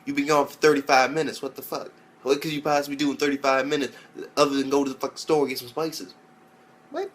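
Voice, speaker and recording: A man's voice: medium pitch, level tone, fast talker, fairly bright tone. A young man giving a loose, rambling spoken recap as an anime reviewer, swearing often and mimicking characters in raised voices. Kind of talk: casual profane recap.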